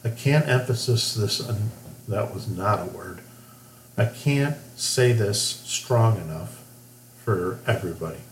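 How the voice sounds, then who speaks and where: Middle-aged guy ranting plainspoken, lowish voice, echoey room w/ faint hum. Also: animated, slow. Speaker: podcast host, former medical worker. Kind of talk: casual podcast monologue.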